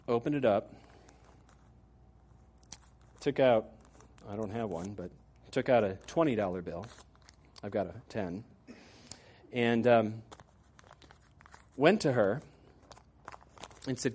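Male pastor; conversational sermon delivery with fillers and asides, average pitch. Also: a little slow, long pauses, husky. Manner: drops to a soft, quiet tone at the close.

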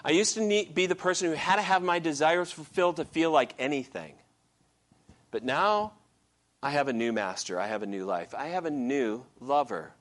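A man preaching speaks as a reformed man who calmly explains that he has a new life. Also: mid-range voice, lightly acted. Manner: calm, steady testimony. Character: grown man, calm and resolved former sinner. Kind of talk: sermon storytelling.

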